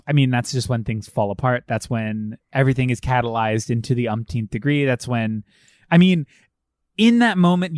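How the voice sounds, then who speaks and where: Male podcast co-host, mid pitch, animated and profane, dry close recording. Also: no room sound. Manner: animated, swearing, acts out film lines. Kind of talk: casual film discussion.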